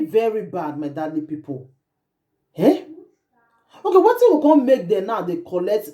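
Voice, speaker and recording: A woman's voice: medium pitch, big pitch swings, normal speed, mellow. A woman host with a Nigerian accent, giving emphatic commentary in Pidgin and English and repeating phrases as she laments. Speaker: online show host.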